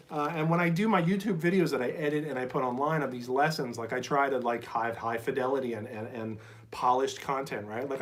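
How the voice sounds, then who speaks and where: A man, a drum teacher, chatting casually on a live phone stream from a small cluttered drum shed, rambling and reading comments aloud. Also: medium pitch. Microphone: phone mic.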